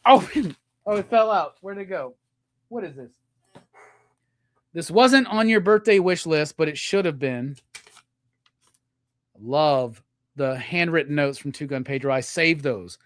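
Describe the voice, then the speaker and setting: Excitable, profane male stream host. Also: on the high side, measured pace, pauses often, dry recording, studio quality. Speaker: live show host. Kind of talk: excited live-stream gift unboxing chat.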